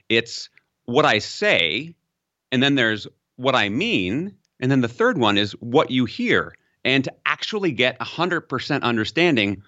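A man's voice: fairly bright tone, dull audio. A man being interviewed as a communication expert, explaining with examples and lifting his voice for emphasis. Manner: explanatory, uses examples, rises in pitch for emphasis. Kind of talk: interview conversation.

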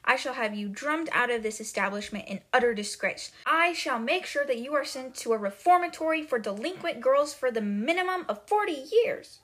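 Shouty mean headmistress, high and loud, a girl reading her lines. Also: lively intonation, moderate pace, hardly any pauses, husky, exaggerated voice. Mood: scornful. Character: furious bullying female headmistress.

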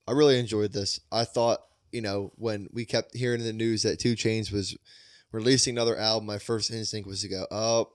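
Rambling, enthusiastic man reviewing an album. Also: lowish voice. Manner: rambling, enthusiastic, lots of "like" fillers. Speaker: podcast co-host. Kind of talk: casual album review chat.

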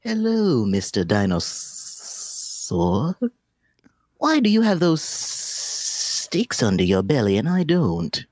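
Guy doing a squeaky confused snake, slow and innocent. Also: wildly swooping pitch, a little mellow, no echo, full character voice. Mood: puzzled. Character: naive legless male snake, puzzled.

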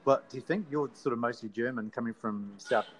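A man's voice: medium pitch, fairly quick, rough recording. An Australian man co-hosting a podcast, chatting casually and teasingly with lots of fillers and restarts. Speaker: podcast co-host.

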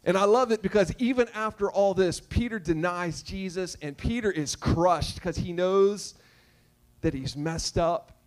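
A pastor with a high-pitched voice preaches a sermon a little slowly. He is emphatic and repetitive, joking and repeatedly asking the crowd questions.

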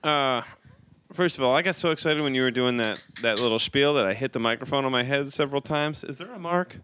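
A man hosting a podcast, talking in an excitable, rambling way and often tripping over his words. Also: medium pitch, quick pace, slight background noise. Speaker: podcast host. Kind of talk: casual podcast chat.

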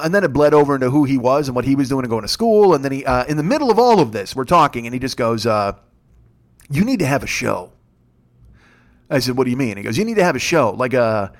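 Male podcast host, 50s, solo comic storyteller; fast, profane, rambling, does quick voices for the people he quotes. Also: mid-range voice.

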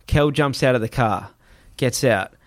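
A man telling a travel story in casual chat, animated and swearing, acting out other people's voices. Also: mid-range voice, a little slow, no echo.

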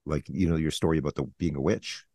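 A man hosting an interview, asking questions haltingly with many "uh"s. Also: rumbling low, mellow, dry recording, studio quality. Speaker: podcast host.

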